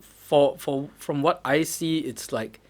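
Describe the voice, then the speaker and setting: A young man with a Malaysian English accent hosting a casual podcast chat, animated and quick to laugh. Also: on the high side. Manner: animated, laughs often, talks in bursts. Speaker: podcast host.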